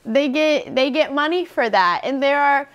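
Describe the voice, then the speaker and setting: A woman hosting an interview, telling a story in an emotional, animated way. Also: high-pitched, normal speed, dull audio. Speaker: podcast host. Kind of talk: conversational interview.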